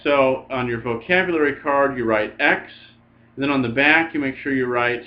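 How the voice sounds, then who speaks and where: Male Greek teacher, patient and repetitive with filler words, mid-pitched, recorded with dull sound. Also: normal speed. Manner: patient, repeats forms, frequent "uh" fillers. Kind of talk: recorded classroom lecture. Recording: muffled lo-fi recording.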